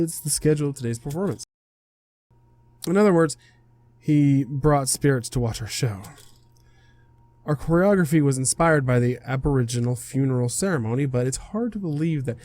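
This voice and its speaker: A young man, a game streamer, reads a visual novel aloud in a casual way, tripping over words, laughing, and correcting himself. His voice is medium-pitched and warm.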